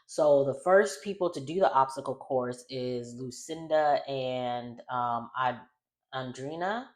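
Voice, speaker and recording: A woman's voice: very deep voice, slow pace, a little mellow. A woman casually recapping a reality show, chatty and rambling, often correcting herself.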